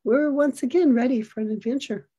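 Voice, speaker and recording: A middle-aged woman giving an earnest, expressive storytelling talk, acting out the lines of the people in it. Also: sits high, fairly quick, slightly rough, highs cut off.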